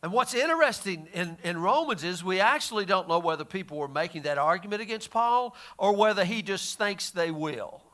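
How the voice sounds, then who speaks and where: A man's voice: sits high, lively intonation, a little fast, hardly any pauses, sharp tone. A man teaching the Bible in a casual, folksy way, often restarting his sentences. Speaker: pastor.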